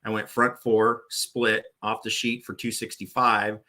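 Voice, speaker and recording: Bright-voiced man in his forties telling stories. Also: lowish voice, little pitch movement, a little slow. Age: 40s. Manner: rambling, many restarts and "uh" fillers. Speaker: podcast guest, former bowling tournament director. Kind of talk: casual storytelling interview.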